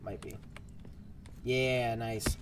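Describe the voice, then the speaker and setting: A man's voice: mid-range voice, fairly even intonation, drawn-out words, noisy background. A man streaming a game, chatting casually and rambling to his viewers as he plays. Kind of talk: casual gameplay commentary.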